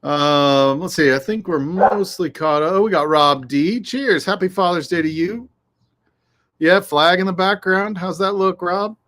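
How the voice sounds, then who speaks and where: Speaking a little slowly in a high, somewhat bright voice, a man runs a laid-back livestream chat outdoors in the wind one afternoon. He curses freely and calls out viewers by name.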